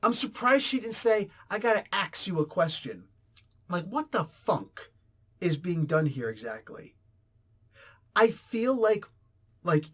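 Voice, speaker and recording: A man reviews a comic book in a blunt, rambling, exasperated rant. His voice sits slightly high for a man. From New Jersey, US. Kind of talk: casual ranting review.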